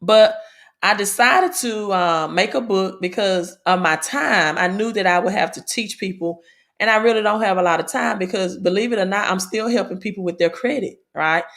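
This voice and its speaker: A woman from Mississippi with a Southern accent, hosting a casual livestream about money and crypto, chatty and repeating herself, often tagging sentences with "right?", and reading news aloud haltingly. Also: mid-range voice, a bit bright. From Mississippi, American South.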